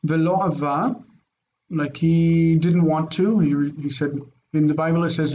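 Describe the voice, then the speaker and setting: Brief: male Hebrew teacher, slightly high voice, reads and translates line by line, dull lo-fi audio. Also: fairly even intonation, warm tone, a little hiss or hum. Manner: reads Hebrew aloud then translates, repeats phrases slowly. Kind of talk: screen-shared lesson, reading and translating.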